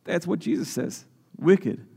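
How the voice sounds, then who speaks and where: High-voiced man preaching in a reverberant hall. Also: expressive, measured pace, vocal fry, warm tone, husky. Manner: preaching with many repeats and restarts. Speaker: pastor. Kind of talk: sermon.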